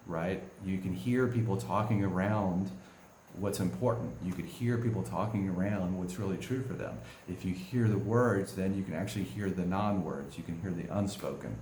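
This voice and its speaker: A male coach giving a relaxed spoken lesson, often checking in with "right?" as he goes. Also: sits low, reverberant, a little hiss or hum. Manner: conversational, keeps asking "right?". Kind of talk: spoken teaching talk.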